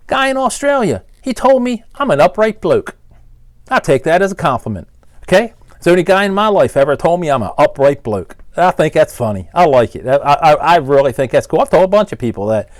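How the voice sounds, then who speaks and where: A man's voice: a little high, no echo, clean studio sound. A man in his sixties with a Baltimore accent, an engine builder ranting bluntly and with exasperation at his critics in a one-take video. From Maryland, Baltimore area. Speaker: engine builder and shop owner. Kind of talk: one-take rant to camera.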